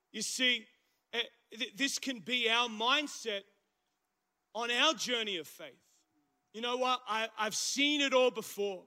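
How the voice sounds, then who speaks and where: A man with an Australian accent preaching a casual, animated sermon in church, his voice husky from the flu. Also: very high voice, measured pace. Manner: conversational, animated preaching with slang asides. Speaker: pastor. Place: church service.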